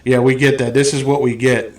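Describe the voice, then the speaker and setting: A man's voice: medium pitch, fairly quick. Profane, blunt podcast host man. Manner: blunt, profane, animated storytelling. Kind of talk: casual chat.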